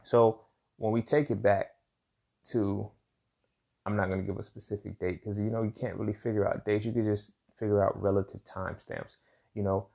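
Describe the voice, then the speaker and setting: A man's voice: fairly low pitch, flat delivery, normal speed, creaky, dark tone, lo-fi sound. A man hosting a solo talk show, thinking aloud in casual slang, often repeating himself and checking in with the listener. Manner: casual, slangy, frequent "you feel what I'm saying"; repeats words and restarts while thinking aloud. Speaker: podcast host. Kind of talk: solo commentary monologue.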